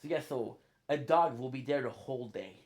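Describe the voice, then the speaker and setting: A man's voice: medium pitch, moderate pace. A male streamer chatting casually as he plays, rambling from thought to thought. His talk is playful and loose, and he laughs easily between sentences. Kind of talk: casual chat while gaming.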